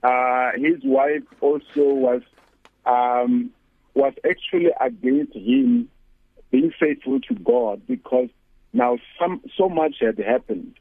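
A man's voice: on the high side, very animated, slow, creaky, husky, no room sound. A man, a pastor and guest on a radio talk show, preaching earnestly and repeating scripture lines for emphasis over a phone line. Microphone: phone call-in.

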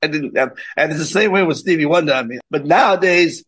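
A middle-aged man with a South African accent, a guest telling lively stories in a casual chat, often laughing and repeating words as he restarts. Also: a little high, fast talker, husky, poor audio. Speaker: guest singer.

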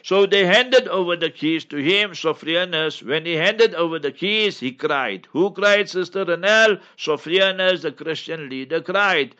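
Man, mufti, Q&A lecture, emphatic, instructive, forceful tone, muffled lo-fi sound. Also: on the high side, unhurried, few pauses. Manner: emphatic, instructive, repeats key points. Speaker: mufti answering listener questions. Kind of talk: radio Q&A lecture.

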